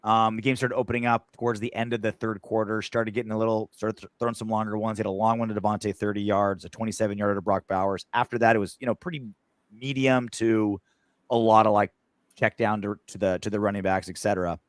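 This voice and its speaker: A man hosting a casual fan sports podcast over a video call, animated, jumping between loud bursts and low mumbles. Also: fast talker, no room sound. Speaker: podcast host.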